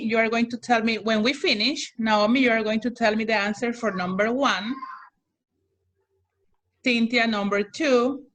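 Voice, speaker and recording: Patient woman teacher, slightly high voice. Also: a bit bright. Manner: patient, repeats instructions, checks understanding. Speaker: English teacher. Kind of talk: online class instruction.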